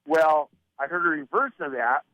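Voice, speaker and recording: A man's voice: a little high, moderate pace, no echo, low-quality recording. A man telling radio-station stories in a casual interview. He acts out the lines of the people he quotes, with many fillers and restarts. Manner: animated storyteller who acts out quoted dialogue; many fillers and repeated starts. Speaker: radio consultant, interview guest.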